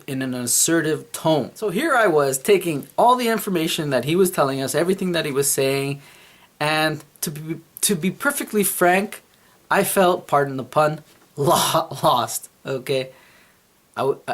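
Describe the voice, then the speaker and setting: Chuckling man retelling a dream. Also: medium pitch. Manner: chuckling storyteller, animated quoting. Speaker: vlogger. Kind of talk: casual dream-retelling vlog.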